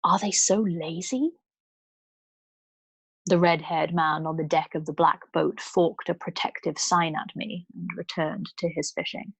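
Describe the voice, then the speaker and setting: A woman storyteller reading a novel aloud in a calm, measured way. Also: low voice, gravelly, breathy edge, dry recording. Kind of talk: bedtime book reading.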